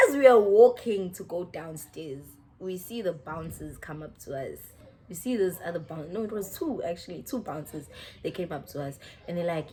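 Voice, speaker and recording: A woman's voice: fairly low pitch, moderate pace, breathy edge. A young South African woman with a South African accent, telling a casual storytime with slang and local phrases. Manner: animated, slangy, mixing in Zulu-style phrases, laughing a lot.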